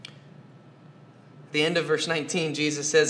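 A man's voice: on the high side, level tone, measured pace, a bit bright, a little hiss or hum. A man preaching a sermon, earnest, asking his listeners question after question and repeating phrases for emphasis. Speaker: pastor.

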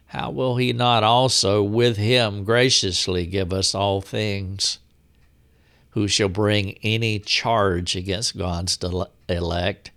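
A male preacher delivers a sermon in a slow, deliberate cadence, leaning on pauses for emphasis. His voice sits somewhat low and carries a gravelly texture. He speaks with unhurried weight. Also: fairly bright tone.

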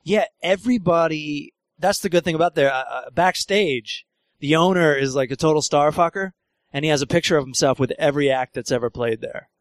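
A comedian hosting a podcast, telling road stories in casual chat, acting out voices, laughing often and swearing freely. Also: male voice, on the high side, fairly quick, no echo. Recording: dry close mic.

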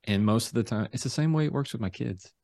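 A man with a deep voice, a trial lawyer speaking as a guest over a video call, talking slowly, calmly and deliberately. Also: gravelly, dry recording, studio quality. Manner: slow, calm, deliberate delivery. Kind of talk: casual interview talk.

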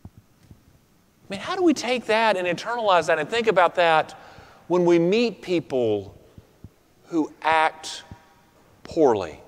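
A man preaching a sermon in an earnest tone, often dropping to a soft, quiet close on key words. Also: high voice, very animated, a little slow, pauses often. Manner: earnest, drops to soft quiet endings for emphasis. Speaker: pastor. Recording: reverberant hall.

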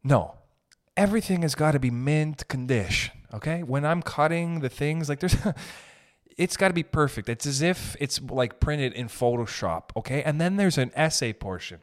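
A young man hosting a podcast, ranting in a comedic, animated way, swearing and laughing as he goes. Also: on the high side, moderate pace. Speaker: podcast host. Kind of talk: comedic rant.

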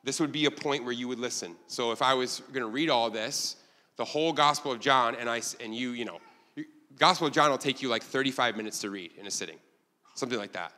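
Guy preaching, bright tone, casual and lively, laughs a lot, big echoey church hall. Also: medium pitch, quick pace. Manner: conversational, animated, laughs at own lines. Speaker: pastor. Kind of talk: sermon.

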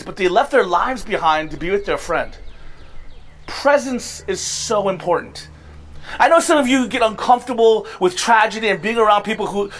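A man's voice: high voice, a bit bright. A man preaching a sermon to his congregation, conversational and emphatic, sometimes laughing at himself. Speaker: pastor. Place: church service.

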